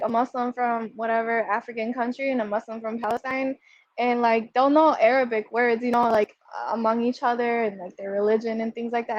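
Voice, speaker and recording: A woman's voice: on the high side, darkish tone. A woman from Puerto Rico, a guest on an interview, talking casually and hesitantly with many fillers. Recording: dull, muffled sound.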